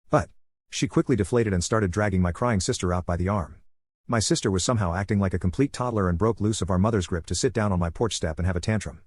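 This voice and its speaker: Man, story narration, matter-of-fact, low pitch, dry close-up sound. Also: fast, darkish tone, no echo.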